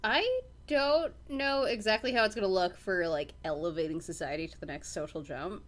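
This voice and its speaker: A woman's voice: medium pitch, moderate pace. A woman hosting a casual podcast chat, easily amused and earnest when sharing her views. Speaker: podcast host.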